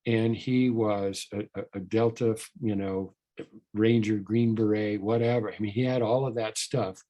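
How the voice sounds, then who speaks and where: A man's voice: on the low side, fairly even intonation, unhurried, warm tone. An older man speaking at a recovery workshop, telling a story in a rambling, earnest way with many restarts and repeated words.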